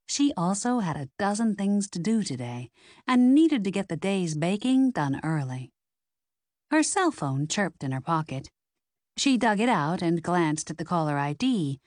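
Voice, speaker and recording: A woman narrating a novel in an expressive storytelling manner. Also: low voice, no room sound, clean studio sound. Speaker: audiobook narrator. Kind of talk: scripted narration.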